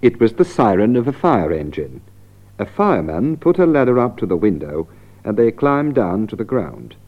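A man narrating a story and presenting an English lesson in a clear, teacherly way. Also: lowish voice, sing-song, normal speed, muffled recording. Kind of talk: scripted narration for English learners.

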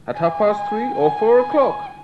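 Sarcastic, fed-up traveler, high and lively. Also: male voice, moderate pace, music in the background. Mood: exasperated. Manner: exasperated, sarcastic. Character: impatient male traveler. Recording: dull lo-fi tape with faint hiss.

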